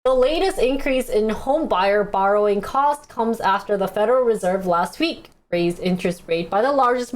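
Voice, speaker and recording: A woman's voice: mid-range voice, a little mellow. A young woman streaming live, reading news articles aloud and chatting casually with her viewers, often laughing and calling them guys.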